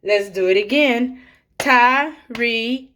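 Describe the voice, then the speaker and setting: Slow, clear-spoken woman teacher for small children. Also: on the high side, very animated, a little hiss or hum. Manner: slow and deliberate, counting and clapping out names for small children.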